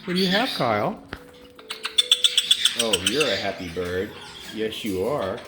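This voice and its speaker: A woman's voice: very animated, unhurried, very noisy. A woman who keeps a bird sanctuary, chatting casually in a vlog and baby-talking to her pet birds in a bird room. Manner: coos and baby-talks to the birds, jumping to a high pitch. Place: indoor bird room with cages. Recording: loud squawking birds behind.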